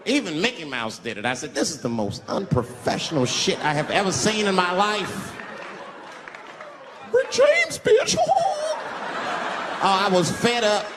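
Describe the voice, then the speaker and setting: A man performing a stand-up comedy set, telling stories and shouting out the voices of other people. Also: high-pitched, normal speed, few pauses, background noise. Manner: animated storytelling, shouting impressions of others. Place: large live venue with audience. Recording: reverberant live hall recording with crowd laughter. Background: audience laughter.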